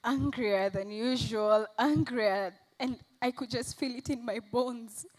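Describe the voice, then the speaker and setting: An actress on stage playing an abused young mother, recounting her ordeal in halting, shaken narration. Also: fairly high pitch, darkish tone, poor audio. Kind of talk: stage play monologue. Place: festival stage.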